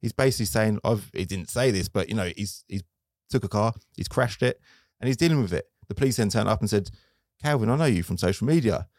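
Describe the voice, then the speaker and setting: A man's voice: on the low side, quick pace, darkish tone, no echo, studio quality. A man, a car dealer guest telling stories in casual interview chat, acting out his own quotes. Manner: chatty storytelling, acts out his own quotes.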